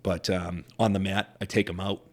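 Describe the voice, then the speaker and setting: A man's voice: sits low, level tone, normal speed. A middle-aged deaf man, a podcast guest who wears hearing aids, telling earnest stories in casual interview chat and acting out quoted dialogue.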